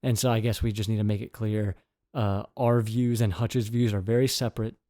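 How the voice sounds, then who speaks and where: A man's voice: on the low side, flat delivery, a little fast, warm tone, no room sound, clean studio sound. A man co-hosting a podcast, chatting casually in a rambling, joking way. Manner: rambling, jokey, full of fillers. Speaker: podcast co-host. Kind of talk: casual chat.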